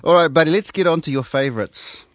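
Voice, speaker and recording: Man, New Zealand accent, radio host, deadpan and playful, dry close studio sound. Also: fairly high pitch, quick pace, dry recording. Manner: deadpan jokey, mock-earnest. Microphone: studio microphone.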